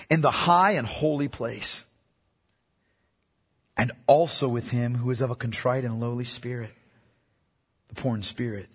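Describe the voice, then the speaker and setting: In a long, reverberant hall, a pastor delivers a sermon forcefully, going back over key lines and asking his audience questions. His voice is mid-range, a bit bright, and slightly rough.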